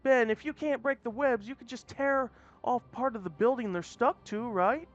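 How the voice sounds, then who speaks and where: A cocky young fire-wielding hero talks in a brash, excitable rush, as a man reads him in a raised voice. It is a storybook reading with a high, lively pitch. The sound is muffled and lo-fi, with soft music behind. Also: normal speed. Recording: dull lo-fi audio, faint music.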